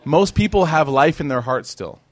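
A man teaching a casual, storytelling religious lesson, animated and joking with his audience, with short stretches of Arabic recitation. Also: a little high, normal speed. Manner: animated, conversational, jokes with the audience. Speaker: Islamic teacher.

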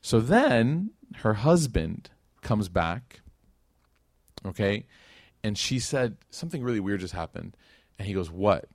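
A man's voice: lowish voice, big pitch swings, measured pace, pauses often, no echo, clean studio sound. A man giving a casual religious lecture, telling a story in a conversational way with many fillers and acted-out quotes. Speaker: speaker teaching Islamic history.

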